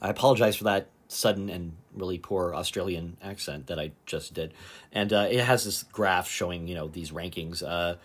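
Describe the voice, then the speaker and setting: A man's voice: sits low, normal speed, slightly rough. A man from Canada hosts a comedic monologue in a sarcastic, rambling way, with lots of fillers. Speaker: host.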